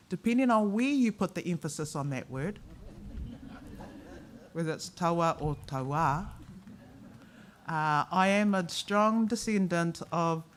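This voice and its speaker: A New Zealand woman representing a museum board delivers a formal ceremonial address at a fairly low pitch, with slight hiss or hum in the audio. She's measured, blending speechmaking with wry jokes.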